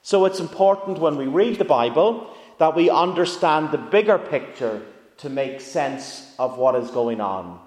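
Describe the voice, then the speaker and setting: A man's voice: fairly high pitch, expressive, unhurried, darkish tone. Man, pastor, conversational sermon, quizzes the congregation, reverberant church hall. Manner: conversational, engaging the congregation with questions.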